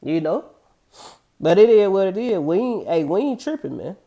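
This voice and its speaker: A man's voice: high voice, sing-song, warm tone, muffled recording. Man casually reading scripture with profane commentary. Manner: reads verses slowly then riffs loosely; profane, streetwise slang. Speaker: scripture teacher.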